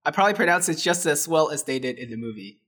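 A man's voice: a little high, expressive, fast talker, fairly bright tone, slightly rough. A man co-hosting a casual movie review chat, sarcastic and often laughing. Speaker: podcast co-host.

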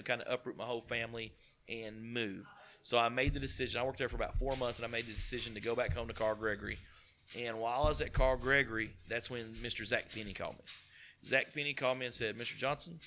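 Man, East Tennessee accent, bright forceful voice, folksy animated storyteller. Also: mid-range voice, slight background noise. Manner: folksy, animated retelling with quoted dialogue. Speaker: car dealership partner. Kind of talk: casual storytelling interview.

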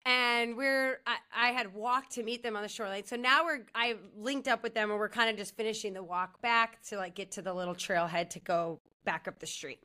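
A woman's voice: on the high side, fairly even intonation, fairly quick, hardly any pauses, pushed and bright. A woman co-hosting a podcast, telling a rambling story in casual chat, saying "like" often and laughing as she goes. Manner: rambling, heavy use of "like", laughs through her story. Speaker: podcast co-host.

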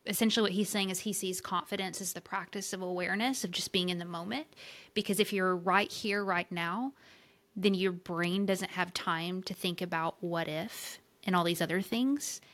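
A woman with a Southern US accent co-hosting a casual podcast, lively and emphatic with playful exclamations. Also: fairly low pitch, normal speed. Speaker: podcast co-host.

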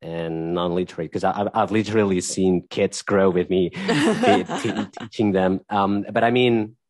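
A man's voice: deep voice, lively intonation, moderate pace, darkish tone, no room sound. A man speaking as a podcast guest in a casual interview, thoughtful and searching for his words as he talks. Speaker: podcast guest, tech executive and dance teacher.

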